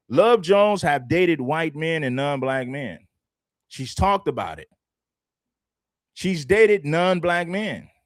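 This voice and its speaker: A man's voice: on the high side, no room sound, studio quality. A man hosting a reaction livestream, talking emphatically and mockingly and firing rhetorical questions at his audience. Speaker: livestream commentator.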